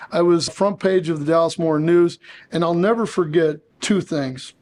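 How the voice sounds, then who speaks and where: A male podcast host telling a personal story in an animated way, quoting his own past thoughts as he goes. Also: fairly high pitch. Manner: animated, quick storytelling with quoted asides.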